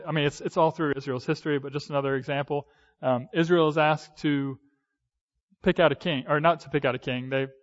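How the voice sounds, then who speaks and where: A man in his thirties preaching in an easygoing, conversational way, often pausing on fillers and starting sentences over. His voice sits a little high for a man, and the recording has a dull, lo-fi sound. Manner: conversational, with hesitant fillers and restarts. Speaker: pastor. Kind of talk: sermon.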